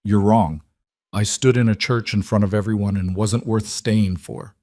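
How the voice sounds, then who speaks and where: A man reading out the notes of a mute giant ex-soldier cowboy in a low, dry voice. The words land blunt and plain, short sentence after short sentence. It stays close to a storyteller's own tone. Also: fairly even intonation, normal speed, mellow, no echo, natural voice. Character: silent stubborn giant ex-soldier cowboy, notes read aloud.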